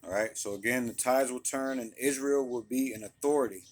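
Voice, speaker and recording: A man with a mid-range voice gives an informal Bible lesson. He reads the scripture plainly, then unpacks it in easygoing everyday speech, peppered with quick check-ins to his audience. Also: medium pitch. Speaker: Bible teacher. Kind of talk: casual Bible study teaching.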